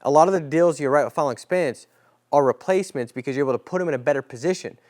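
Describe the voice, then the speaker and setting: Male sales trainer, fairly high-pitched, casual and animated, coaches a class through client talks. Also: rapid-fire.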